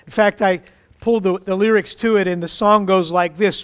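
A man with a high, smooth, resonant voice delivers a sermon. He speaks earnestly and slows down to read lyrics solemnly. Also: steady tone. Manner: earnest, reads song lyrics slowly and solemnly. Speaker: preacher.

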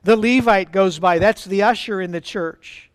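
A man's voice: sits high, normal speed, smooth, no room sound, studio quality. A man preaching an earnest, emphatic sermon to his congregation as their pastor.

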